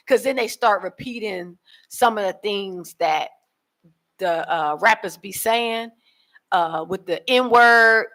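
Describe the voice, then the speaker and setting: An American woman with an African American accent talks in a loose, rambling vlog monologue. She restarts her sentences often and fills the pauses with ums and likes. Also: mid-range voice, fairly bright tone. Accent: African American Vernacular English. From United States. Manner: rambling, with many fillers and restarts. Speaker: relocation vlogger. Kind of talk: casual monologue. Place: abroad, living in East Africa.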